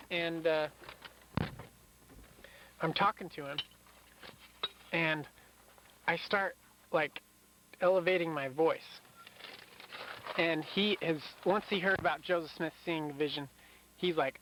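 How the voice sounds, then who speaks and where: A man's voice: fairly high pitch, fairly even intonation, moderate pace, long pauses, fairly bright tone. A young man missionary recording a rambling, casual audio letter, telling a story with lots of fillers. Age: young adult. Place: in a moving car. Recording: noisy car recording.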